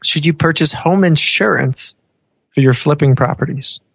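A woman's voice: low voice, normal speed, vocal fry, husky, dry recording. A woman co-hosting an interview, putting questions in a wry, teasing way. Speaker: co-host.

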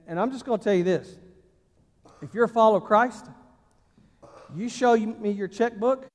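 A high-voiced man preaches a folksy, emphatic sermon. He swings from loud punches to quiet asides. His voice carries a long reverb from a large church hall. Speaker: pastor.

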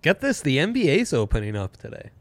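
A man's voice: a little high, wildly swooping pitch, a little fast. A young man co-hosting a sports betting show, bantering and joking with his co-host. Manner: jokey banter, playful. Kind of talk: casual sports betting chat.

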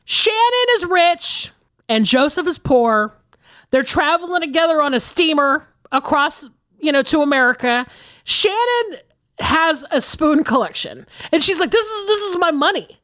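A woman in her forties co-hosting a podcast, telling stories in a profane, animated way. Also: sits high, a little slow, no echo. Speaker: podcast co-host. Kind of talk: casual chat.

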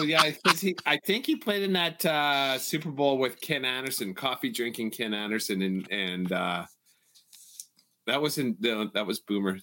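This is a man from Canada co-hosting a sports podcast, with a loose, laughing and profane way of talking. His voice sounds forceful and bright. He rambles casually through the conversation. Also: medium pitch. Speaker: podcast co-host.

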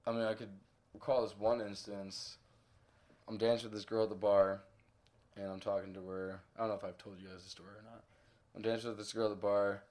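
A man's voice: fairly low pitch, flat delivery, a little fast, darkish tone. A young man in casual conversation, telling stories in a laid-back, bragging way. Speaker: guest.

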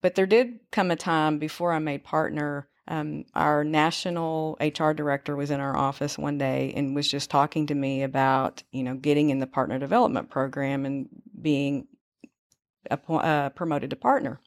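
A woman's voice: sits low, normal speed. A woman telling her own story as an interview guest, in a conversational way full of fillers. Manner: conversational, frequent "you know" fillers.

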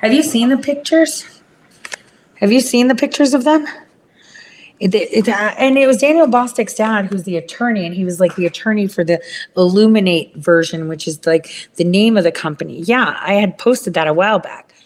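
A woman ranting in casual chat, rambling and swearing, switching to a higher voice when she mimics other people. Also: moderate pace, darkish tone, a little hiss or hum.

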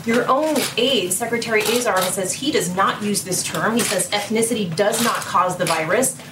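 A woman's voice: medium pitch, moderate pace, recorded from a distance, noisy background. Woman reporter pressing from across an echoey room. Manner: insistent, pressing. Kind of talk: pointed questioning.

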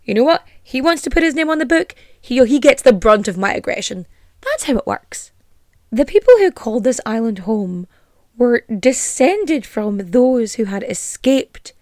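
A woman's voice: fairly high pitch, no room sound, studio quality. A woman with an Irish accent hosting a casual storytelling podcast, sarcastic and sweary, ranting with indignation. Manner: animated and indignant. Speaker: podcast host.

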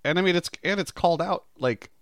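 A man's voice: high-pitched, fairly quick, a bit bright, no echo, studio quality. A man co-hosting a podcast, retelling scenes with enthusiasm and laughing mid-sentence. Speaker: podcast co-host. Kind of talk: casual chat.

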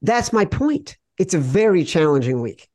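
A man with a slightly high voice argues picks on a betting podcast, wry and insistent. His tone is conversational and quick to push back. The mic is close and dry. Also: very animated, a little mellow, no echo. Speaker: podcast co-host, sports betting analyst. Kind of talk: casual sports betting debate.

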